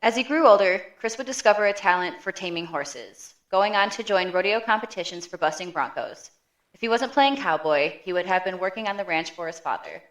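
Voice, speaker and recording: A woman co-hosting a podcast, narrating a prepared story in a steady manner with dry quips. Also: mid-range voice, a little fast. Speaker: podcast co-host. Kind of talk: reading scripted narration.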